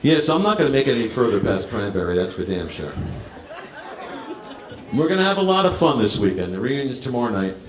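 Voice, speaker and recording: A man's voice: mid-range voice, very animated, fairly quick, roomy sound. A man in his fifties from New Jersey doing a brash, crowd-working stand-up set. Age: 50s. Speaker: stand-up comedian. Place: bar stage.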